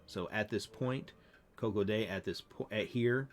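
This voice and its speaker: A man who is losing his voice, explaining grammar in a casual, halting way while playing a game. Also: lowish voice. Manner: relaxed, halting explanations with fillers. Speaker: language teacher. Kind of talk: casual gameplay lesson.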